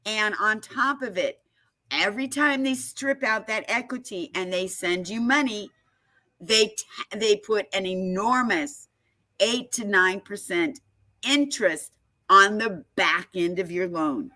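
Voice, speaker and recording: A woman's voice: mid-range voice, a little slow, sharp tone. A woman talking casually and emphatically, telling a story and explaining advice. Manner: emphatic storyteller, laughs often. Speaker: guest speaker on foreclosure fraud.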